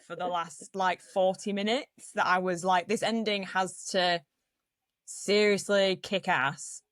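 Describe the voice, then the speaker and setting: A woman's voice: medium pitch, a little slow, no room sound, clean studio sound. A young woman co-hosting a film podcast, telling stories animatedly and laughing often. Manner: animated storyteller, acts out quotes, laughs a lot. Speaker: podcast co-host. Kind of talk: casual film review chat.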